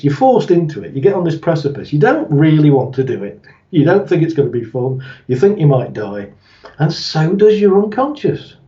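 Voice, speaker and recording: A man's voice: on the high side, very animated, a little fast, warm tone. A man, a guest in an interview, explaining ideas through stories, chuckling often and acting out the voices he quotes. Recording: roomy, distant, dull sound.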